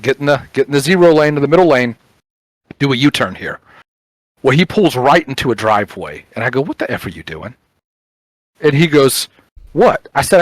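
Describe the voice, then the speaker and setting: A man co-hosting a casual podcast, telling work stories with animated quoted dialogue and frequent fillers. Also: mid-range voice, dry recording, rough recording. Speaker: podcast co-host, police officer. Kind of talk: casual chat, storytelling.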